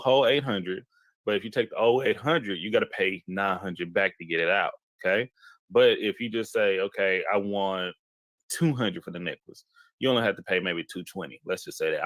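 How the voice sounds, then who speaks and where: A man with a fairly low voice tells a story in casual talk, full of restarts and sudden jumps in pitch. The sound is dry and close, with no room around it. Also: dry recording. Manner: animated, repeats himself, jumps into quoted voices. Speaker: podcast host telling a story.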